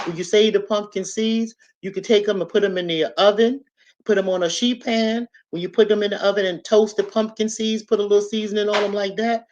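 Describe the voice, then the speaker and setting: A woman hosting a casual instructional vlog, chatty and repetitive, often checking in with "okay?" and "right?". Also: on the low side. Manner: chatty, repeats herself, asks "okay?" and "right?". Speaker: channel host. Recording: slightly dull lo-fi audio.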